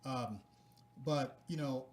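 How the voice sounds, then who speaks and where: A man's voice: medium pitch, slow pace, a little hiss or hum. A man in his fifties, a network producer, explaining in a businesslike way with a slightly rusty voice. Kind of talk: casual chat.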